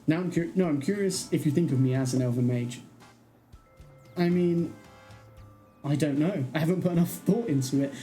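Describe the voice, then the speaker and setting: A chatty livestream host who rambles and thinks out loud while playing. The voice is dark and mellow at a middling pitch, and soft background music runs under it the whole time. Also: poor audio. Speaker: streamer. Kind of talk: casual livestream chat.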